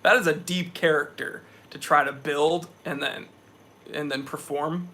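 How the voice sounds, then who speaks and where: A man's voice: a little high, steady tone, measured pace, pushed and bright. A young man hosting a casual live stream, sweaty after a hike, talking with energy as he reads out viewers' chat messages.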